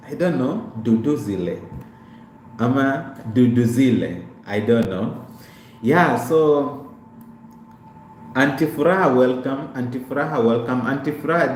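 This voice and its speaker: This live stream features a young man with a medium-pitched, darkish voice, chatting casually through his life story. He calls out viewers by name and repeats himself, and the room sounds echoey with faint background noise.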